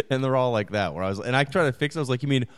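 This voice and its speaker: A man's voice: mid-range voice, sing-song, fast, dry recording, clean studio sound. Laid-back chuckling podcast co-host man. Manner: easygoing, laughs often while telling stories. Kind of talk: casual chat.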